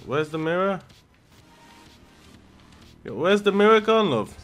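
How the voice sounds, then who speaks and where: A young man with a London accent giving casual commentary over a game, slangy and joking, jumping from mutters to loud shouts. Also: high voice, takes it slowly. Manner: loud swings into shouted excitement, slangy banter. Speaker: gaming YouTuber. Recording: music playing behind the voice.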